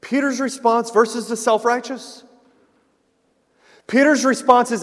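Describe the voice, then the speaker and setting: A pastor with a fairly high voice delivers an earnest sermon, rising to loud stresses and then falling to a near hush. His voice carries through a church sanctuary with a long, lingering reverb. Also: steady tone, unhurried, long pauses. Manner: earnest preaching, swinging from loud emphasis to hushed softness.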